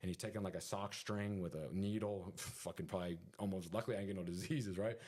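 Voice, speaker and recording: A man telling a story in casual conversation as a podcast guest, animated and full of sound effects and fillers. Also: low-pitched, fast.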